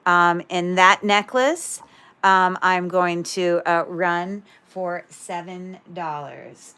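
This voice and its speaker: A woman's voice: on the low side, slow, pushed and bright, clear, resonant tone. Chatty woman hosting a jewelry livestream. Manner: chatty, rambling, self-interrupting, tells corny puns. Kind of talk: casual livestream chat.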